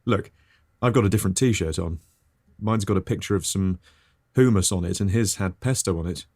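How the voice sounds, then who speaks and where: A man's voice: low voice, normal speed, a little mellow, no room sound, studio quality. A man hosting a comic podcast, talking in a chirpy, eager and over-apologetic way. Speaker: podcast host. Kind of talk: comic scripted host patter.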